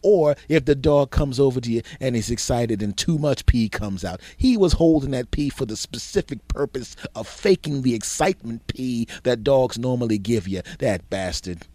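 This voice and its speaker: A man's voice: mid-range voice, expressive, normal speed, hardly any pauses, mellow, no echo. Man ranting in a crude comedy monologue. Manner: rambling, crude, exaggerated storytelling. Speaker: podcast host.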